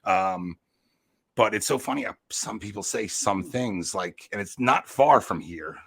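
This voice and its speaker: A man's voice: lowish voice, animated, a little slow, vocal fry, a bit bright, husky, dry recording, studio quality. A man co-hosting a podcast in laid-back casual chat, laughing often and swearing now and then. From New York.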